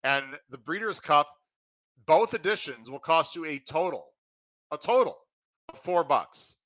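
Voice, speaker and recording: A man hosting a podcast with a bright, forceful voice, pumped-up and eager as he runs through announcements. His voice sits a bit high for a man and is recorded close and dry, with no room sound. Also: unhurried, no echo, poor audio. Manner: excited, pumped-up delivery. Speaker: podcast host. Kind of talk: energetic podcast intro and promotion.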